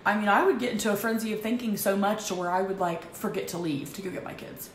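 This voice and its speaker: Emotional woman confiding in an echoey room. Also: medium pitch. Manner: halting, emotional, frequent restarts. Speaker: vlogger. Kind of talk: candid personal confession. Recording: echoey room with faint background noise.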